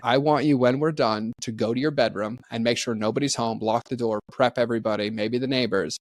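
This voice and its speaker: A man's voice: mid-range voice, fairly even intonation, fairly quick, no room sound. A man speaking as a podcast guest, telling candid, heartfelt stories in a casual way. He acts out the people in his stories and often says "like". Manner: peppers speech with "like". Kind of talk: candid conversational storytelling.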